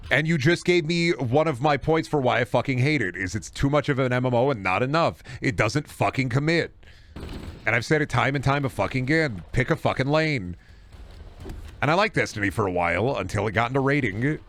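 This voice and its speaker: A male game streamer in an off-the-cuff rant. He swears heavily as he goes. He keeps circling back and restarting his sentences, at a mid-range pitch. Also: a little fast, fairly bright tone. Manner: profane, heated ranting with frequent swearing; rambling, with restarts and trailing asides. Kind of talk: casual ranting stream chat.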